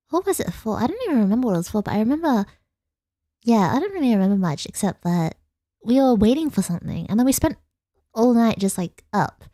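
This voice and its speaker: A young woman with an Australian accent chats casually with her viewers late at night, rambling and laughing often. Her voice is mellow and soft-edged. The sound is dry and close, with no room around it. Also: mid-range voice, no echo. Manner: giggly and rambling, reads chat aloud. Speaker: vtuber streamer.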